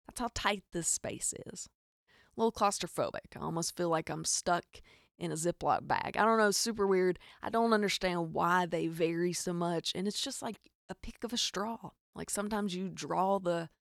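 A woman from Arkansas with a Southern Arkansas accent, telling a funny story as a podcast host, with animated, exasperated asides. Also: on the low side, vocal fry, no echo, clean studio sound. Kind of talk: comedic storytelling monologue.

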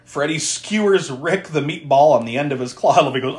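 A man's voice: a little high, wildly swooping pitch, normal speed. A man co-hosting a podcast, casually retelling a horror film's plot with frequent laughter and swearing. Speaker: podcast co-host recapping a film.

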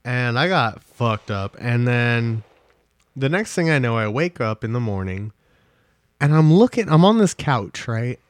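A man's voice: medium pitch, sing-song, unhurried, no echo. A young man co-hosting a podcast in casual chat, telling rambling stories with lots of swearing. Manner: rambling storyteller, swears a lot. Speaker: podcast co-host.

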